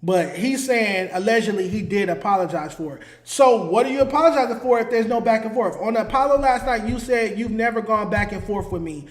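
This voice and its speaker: A man's voice: high voice, brisk, hardly any pauses, echoey room. A man hosting his own commentary show, talking in a heated, emphatic way and hammering his points home through repetition. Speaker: host. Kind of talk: solo commentary.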